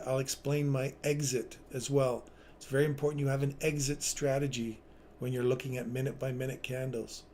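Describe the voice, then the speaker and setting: A man's voice: mid-range voice, darkish tone, echoey room, slight background noise. A man in his fifties hosting a live trading stream, chatting in an upbeat way and reading viewer comments aloud. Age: 50s. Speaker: trading livestream host.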